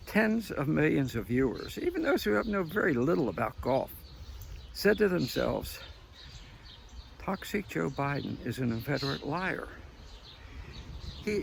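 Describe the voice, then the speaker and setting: Gravelly older man ranting outdoors. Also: a little high, a little hiss or hum. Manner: emphatic, repetitive, chuckling between points. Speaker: political commentator. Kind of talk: opinionated outdoor vlog monologue. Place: outdoors after a morning jog.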